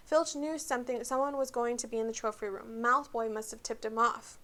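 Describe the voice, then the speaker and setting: A bossy, quick-tempered schoolgirl, read by a woman telling a storybook aloud. She scolds in a snappish, slightly high voice. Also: flat delivery, pushed and bright. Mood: scolding.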